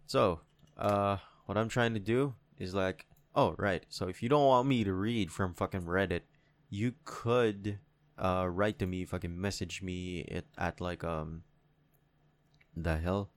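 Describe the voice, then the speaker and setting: Young guy with a real low voice, rambly swear-heavy podcast rant, dry close mic. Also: a little slow, no echo. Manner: profane, rambling, animated rants. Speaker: podcast host. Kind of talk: casual solo podcast monologue. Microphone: studio mic.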